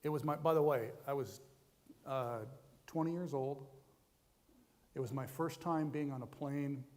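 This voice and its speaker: A man's voice: mid-range voice, fairly even intonation, unhurried, darkish tone. Self-deprecating storyteller man in a chapel hall. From United States. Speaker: guest speaker. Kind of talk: personal testimony to students. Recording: long hall reverb.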